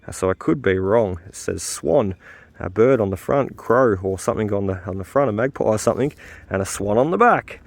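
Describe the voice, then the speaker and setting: Standing in a field, a man hosts his detecting vlog in a lowish, brisk voice with lively intonation and some vocal fry, recorded dry. He's chatty, quick to laugh, and leans on lots of "uh" fillers.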